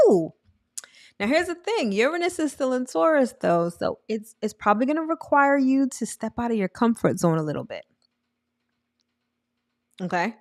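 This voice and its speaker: A woman hosting a weekly astrology forecast in a casual motivational style, emphatic and animated, laughing often and acting out the universe in quoted asides. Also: fairly high pitch, moderate pace, no echo, studio quality.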